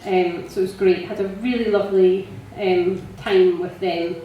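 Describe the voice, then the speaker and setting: A woman sharing a personal testimony in church, chatty and animated, laughing often and filling pauses with ums. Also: mid-range voice, dull audio, soft background music. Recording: echoey church hall, mic from a distance.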